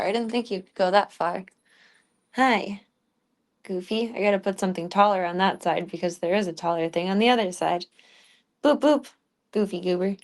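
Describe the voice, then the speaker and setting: A young woman streaming from home, chatting casually and baby-talking her cat, often dropping to a soft, hushed voice. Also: medium pitch, moderate pace, pauses often. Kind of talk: casual livestream chat.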